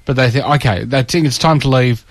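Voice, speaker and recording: A man's voice: medium pitch, a little fast, dry recording. A man co-hosting breakfast radio, reading news items and trading jokes in casual banter. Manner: chatty, jokey, reads news items. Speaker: radio co-host. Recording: radio studio with music bed.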